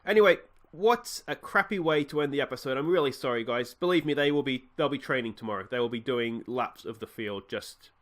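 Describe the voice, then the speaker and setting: A man's voice: medium pitch, a little fast, hardly any pauses, fairly bright tone. A young Australian man commenting on his football management game, rambling with fillers and growing exasperated at his team. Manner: mock tirade at his players. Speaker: gaming channel host. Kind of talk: let's play commentary.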